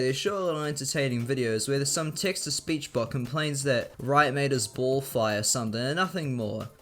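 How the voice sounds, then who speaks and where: Young man, scripted commentary, sarcastic, swears a lot, average pitch, faint music under. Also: a bit bright. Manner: sarcastic and profane. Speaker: video commentator.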